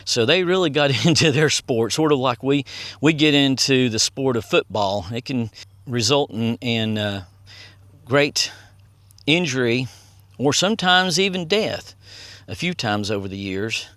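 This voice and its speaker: A man's voice: mid-range voice, expressive, unhurried, fairly bright tone, dry recording. A man giving casual, rambling touring commentary outdoors and reading signs aloud as he goes. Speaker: vlogger and tour guide. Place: outdoors at a historic site on a hot day.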